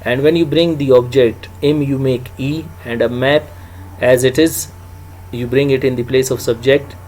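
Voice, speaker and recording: A man's voice: medium pitch, fairly even intonation, normal speed, a little mellow, slight background noise, poor audio. A man teaching an English grammar lecture, stressing his example sentences and often adding "you know" and "uh". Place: home or small room, recorded alone for video.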